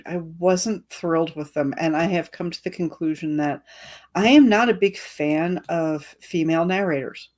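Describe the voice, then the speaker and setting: A woman's voice: lowish voice, a little mellow. A woman author chatting casually and agreeably, affirming often. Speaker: author guest. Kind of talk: casual chat.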